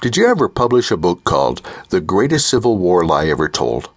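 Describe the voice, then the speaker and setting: A man voicing a commanding male president who briskly questions a captive, in a raised, quicker voice than his own. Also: sits low, big pitch swings, no echo, heavily acted. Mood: interrogating.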